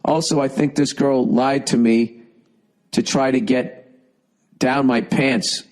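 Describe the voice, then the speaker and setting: A man's voice: mid-range voice, fairly even intonation, slow pace, a little mellow, poor audio. A man hosting a podcast, reading a listener email and giving blunt, profane advice in a rambling comedic rant with a Boston accent, while fighting a cough.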